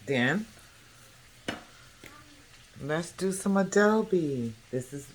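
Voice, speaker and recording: A woman hosting a casual home cooking demonstration, talking the viewer through each step and checking in with a quick "okay?" again and again. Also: lowish voice, animated. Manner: chatty, keeps checking in with the viewer by asking "okay?". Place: home kitchen. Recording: echoey kitchen with background music.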